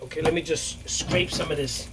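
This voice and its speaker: A man's voice: on the high side, steady tone, moderate pace. A man hosting a casual home cooking demonstration, talking the viewer through each step with many fillers and okays. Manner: chatty, repeats himself, many fillers and okays. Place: home kitchen with sizzling pan and running water. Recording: noisy kitchen with sizzling pan. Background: frying sizzle and running water.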